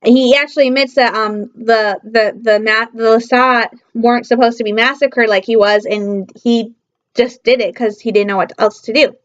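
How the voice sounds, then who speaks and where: A young woman from Michigan rambles excitedly through a casual fan review. She fills her talk with hesitations and breaks into happy squeals. Her voice sits high, and the audio is dull and lo-fi. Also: normal speed. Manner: excitable, gushing, many fillers, bursts into squeals. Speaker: fan vlogger.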